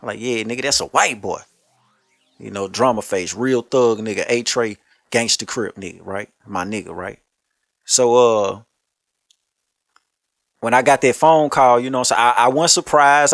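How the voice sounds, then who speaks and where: A man's voice: mid-range voice, normal speed, no room sound, studio quality. A man hosting a commentary show, ranting bluntly in profane street talk and telling stories with a lot of energy. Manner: blunt, heavy cursing, animated storytelling.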